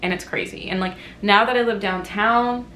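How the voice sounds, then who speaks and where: A young woman vlogs from home, bright and forceful in tone though she sounds teary. She shifts between soft, reflective talk and loud bursts of self-mockery, and the room around her rings with echo. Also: mid-range voice, normal speed, slight background noise. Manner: emotional, open, swings from quiet reflection to loud self-mocking. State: teary, recovering from crying. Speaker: vlogger. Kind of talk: candid personal vlog. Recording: echoey room.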